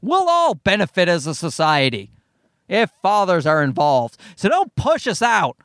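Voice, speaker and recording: Man in his thirties, sarcastic profane podcast host, bouncy pitch, close dry recording. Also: unhurried, dry recording. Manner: profane, ranting, sarcastic, animated. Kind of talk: solo comedic podcast rant. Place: parked car.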